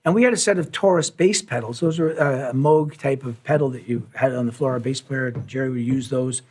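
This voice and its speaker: A man's voice: mid-range voice, a little fast. A man telling a long anecdote at a live session, acting out quoted lines and sound effects as he goes. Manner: animated storyteller, acts out quotes and sounds. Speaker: musician telling a story.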